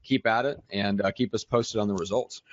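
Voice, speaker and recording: A man hosting a real estate show, introducing his co-host and reading listener questions in a steady, organized way. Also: lowish voice, brisk, no echo, highs cut off. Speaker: podcast host. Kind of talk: casual chat.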